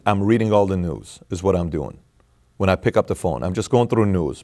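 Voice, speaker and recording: A man being interviewed as a guest, telling stories in an animated way and often restarting and repeating his words. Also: sits low, normal speed. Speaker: podcast guest. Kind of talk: interview conversation.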